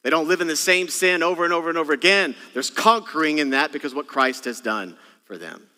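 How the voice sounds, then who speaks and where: A man preaching a Christmas Eve sermon, his voice pitched high and ringing bright. He moves with animation from scripture to playful asides, and his words trail off into a long church hall reverb. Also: brisk. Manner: animated preaching, acts out parent and child exchanges. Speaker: senior pastor. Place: church sanctuary.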